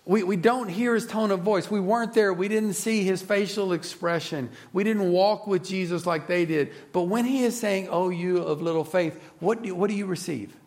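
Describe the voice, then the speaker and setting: A man preaching a sermon in an earnest, reflective way, often dropping to a soft, low voice. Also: moderate pace, hardly any pauses.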